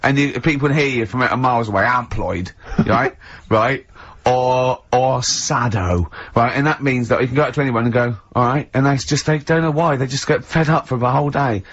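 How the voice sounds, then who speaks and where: A man's voice: medium pitch, brisk, a bit bright. A man hosting a radio show in casual banter, rambling, giggling and acting out silly stories. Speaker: radio host. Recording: dull lo-fi radio recording.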